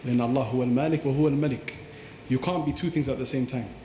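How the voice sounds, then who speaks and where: A fast-talking man with a mellow voice explains recitation like a patient teacher, slipping into recited Arabic phrases. He sounds roomy, with a long reverb trailing his words in a large hall. Faint ambience sits behind him. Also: mid-range voice, steady tone, a little hiss or hum. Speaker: Quran teacher. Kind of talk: podcast explanation.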